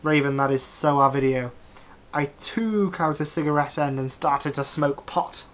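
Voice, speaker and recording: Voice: medium pitch, unhurried. A reader of fan fiction giving a mock-serious comedic reading aloud, with a dry, straight-faced delivery and wry asides.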